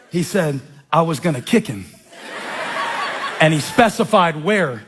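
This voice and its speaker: Animated pastor telling a story. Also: male voice, a little high, normal speed, background noise. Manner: storytelling, animated and self-mocking. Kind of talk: sermon. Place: church.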